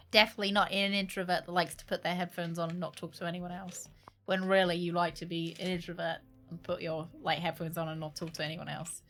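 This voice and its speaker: A woman's voice: lowish voice, fairly even intonation, a little fast, fairly bright tone. A young woman streaming a game, chatting casually and joking with frequent laughter. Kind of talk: casual chat while gaming. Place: home room.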